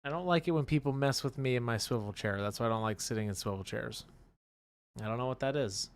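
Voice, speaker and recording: A man co-hosting a live stream, reading chat aloud in animated, teasing banter full of exclamations. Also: mid-range voice, quick pace. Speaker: livestream co-host reading chat.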